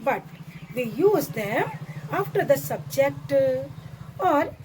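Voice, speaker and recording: A woman's voice: high voice, very animated, slow pace, background noise. A woman teaching a grammar lesson, patiently repeating every example sentence step by step.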